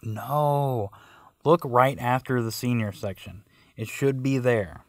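A man's voice: medium pitch, takes it slowly, slight background noise, close to an everyday voice. A man voicing a bossy woman who talks down to her listener as if to a child. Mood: patronizing. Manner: patronizing, instructing.

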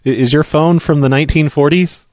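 A man making a prank phone call, talking in a pushy, deadpan, matter-of-fact way. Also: a little high, moderate pace. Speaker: prank caller.

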